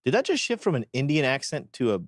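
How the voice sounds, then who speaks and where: A man co-hosting a crypto show in casual chat, teasing his partner in quick back-and-forth banter. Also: mid-range voice, very animated, no room sound, clean studio sound.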